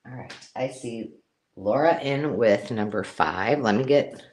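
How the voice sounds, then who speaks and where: A woman hosting a live-stream craft sale, chatty and excitable, counting items aloud as she shows them. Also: a bass voice, measured pace. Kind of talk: casual live-stream selling chat.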